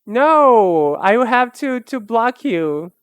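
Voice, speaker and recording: A woman's voice: a little high, very animated, slow, no echo. Chatty young woman streaming a game. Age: 20s. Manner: chatty, rambling, stumbling restarts. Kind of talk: casual gameplay livestream chat.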